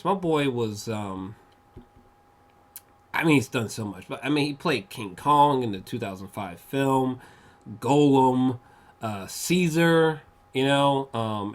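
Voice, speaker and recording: A man of middle pitch talking through a film review in a loose, rambling way. He swears freely, leans on fillers and restarts, and breaks into excited gushing at times. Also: a little slow. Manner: rambling and profane, heavy with fillers; excitable, gushing bursts of enthusiasm. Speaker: movie reviewer. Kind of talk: casual spoken film review.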